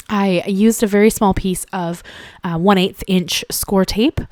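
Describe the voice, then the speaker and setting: Chatty woman, a bit hoarse. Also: medium pitch, fairly even intonation, takes it slowly, darkish tone, no echo. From Canada. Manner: chatty, rambling, frequent laughs and throat clearing. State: hoarse from a cold. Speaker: card-making tutorial host. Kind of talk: casual voice-over tutorial.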